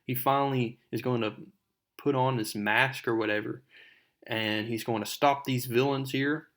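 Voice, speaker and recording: A man with an ordinary mid-range voice hosting a comic book recap. He retells the plot loosely, drifting in and out of the characters' lines, and talks straight to his audience in a relaxed, conversational way. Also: medium pitch, normal speed. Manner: conversational, addresses viewers directly. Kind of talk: casual comic recap narration.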